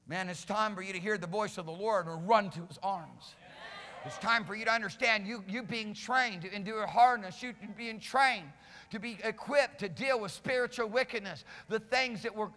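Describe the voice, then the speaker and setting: A male pastor preaching a fiery sermon in a church, repeating phrases and swinging between shouts and low, quiet lines. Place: church sanctuary. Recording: reverberant church hall.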